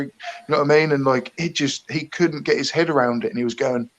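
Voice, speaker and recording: A man's voice: mid-range voice, fairly quick, a bit bright, low-quality recording. Easygoing man telling stories. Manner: loose, filler-heavy storytelling. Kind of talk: casual chat.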